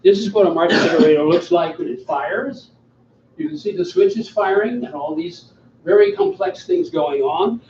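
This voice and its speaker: A man's voice: high voice, big pitch swings, normal speed, a little mellow, slight background noise. A man in his seventies from the American South, giving an after-dinner talk with slides and wry, self-deprecating humor. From Southern US (Alabama). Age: 70s. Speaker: guest speaker. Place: banquet hall. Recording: distant, echoey hall, muffled sound.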